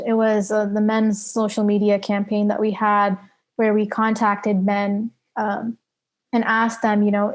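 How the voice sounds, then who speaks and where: A woman being interviewed about her work at a nonprofit, explaining things earnestly and casually, with fillers. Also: mid-range voice. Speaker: interview guest, nonprofit advocate.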